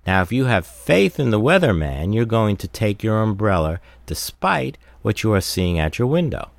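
A man's voice: fairly low pitch, big pitch swings, moderate pace, gravelly, no room sound. A man giving a recorded Bible study talk, explaining verses steadily and stressing key words. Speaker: Bible teacher.

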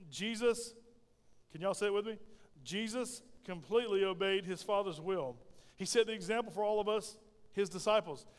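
A middle-aged man preaches a sermon to his congregation, tossing out questions and asking them to answer back. His voice sits high and sounds smooth and resonant. The sound rings with the long reverb of a church hall. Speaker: pastor. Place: church sanctuary.

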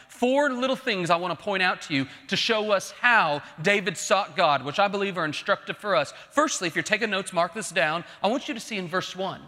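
A man preaching a heartfelt sermon in a high, ringing voice that carries with a sharp edge. His delivery is earnest and emphatic, building to pleading intensity. The sound rolls with the long reverb of a big church hall. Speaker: pastor.

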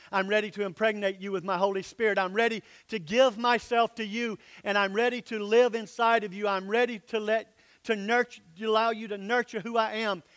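A pastor preaching a sermon in a church, emphatic, sometimes dropping to soft, low asides. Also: male voice.

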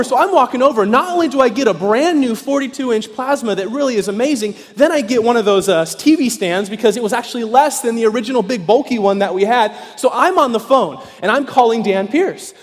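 A man preaching an evening sermon as pastor, telling a story animatedly and acting out voices, sometimes shouting with excitement. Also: very high-pitched, fairly quick, hardly any pauses. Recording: long reverb in a large hall.

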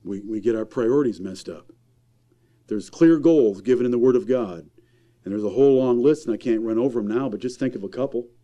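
A man preaching a sermon in a church, emphatic, firing rhetorical questions and swinging from loud to hushed. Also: mid-range voice, muffled recording.

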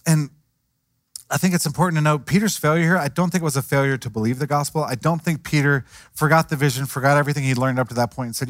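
A man's voice: fairly high pitch, fast, no room sound, clean studio sound. A man preaching a sermon in a conversational way, acting out the voices of the people he quotes. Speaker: pastor.

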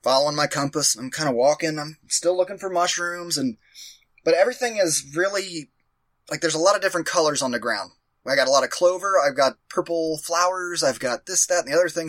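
A man's voice: on the high side, fairly bright tone, no room sound. A man telling a rambling, profane, self-mocking story in a casual chat.

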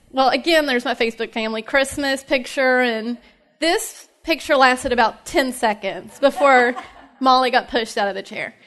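Speaking to a gathering of mothers at a ministry meeting, this East Tennessee woman in her thirties has a high-pitched, fairly bright voice and a Southern accent. She shares her faith in a warm, conversational way, laughing often and using plenty of filler words.

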